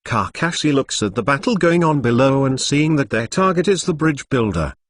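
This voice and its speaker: A man's synthetic voice narrating a fan-fiction story in a flat, even read that speaks punctuation aloud. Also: medium pitch, moderate pace, dry recording.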